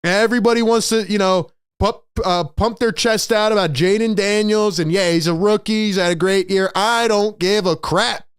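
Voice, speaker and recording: Hyped high-voiced man, sports talk host. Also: steady tone, moderate pace, few pauses, smooth, no room sound, studio quality. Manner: hyped, emphatic, repeats key phrases. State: overexcited. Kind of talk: excited postgame sports commentary.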